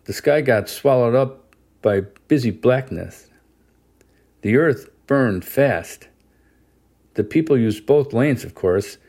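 A man reading a first-person novel aloud as an audiobook narrator, steady and measured. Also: on the low side. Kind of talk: scripted narration.

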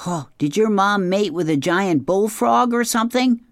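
A woman voices a cocky dragon that jeers and taunts, pitching it above her own voice but keeping it close to an everyday register. Her delivery is medium-pitched and animated at a moderate pace. The studio-quality recording has no echo.

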